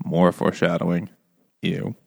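A man's voice: deep voice, level tone, normal speed, vocal fry. A man in a casual book chat, irreverent and laughing, with crude jokes.

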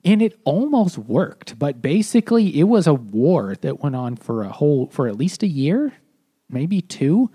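A man's voice: fairly high pitch, big pitch swings, unhurried, mellow, husky. A man co-hosting a beer-and-books podcast, recapping history in a rambling way with lots of restarts. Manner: rambling, full of 'like' and restarts. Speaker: podcast co-host. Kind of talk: casual book-club chat over beers.

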